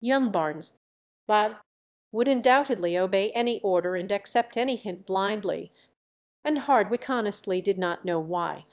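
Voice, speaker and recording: A woman narrating an audiobook in an even, measured way. Her voice sits at a middle pitch, and she keeps to a steady storytelling pace. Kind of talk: audiobook reading.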